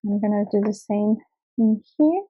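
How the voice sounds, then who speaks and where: An English-speaking woman hosts a craft tutorial, explaining each step slowly and carefully with small fillers. Her voice is mid-range, and the audio has its highs cut off.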